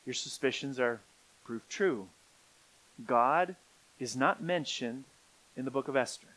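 A middle-aged man preaching a sermon, swinging from quiet, low stretches up to emphatic peaks. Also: a little slow, poor audio. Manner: rising to emphatic peaks, then dropping quiet. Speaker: pastor.

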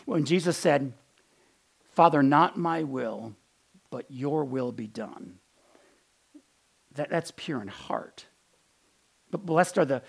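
A middle-aged man giving a sermon in an earnest, conversational way, often repeating words as he restarts and going soft on quotes. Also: fairly high pitch, vocal fry. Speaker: pastor.

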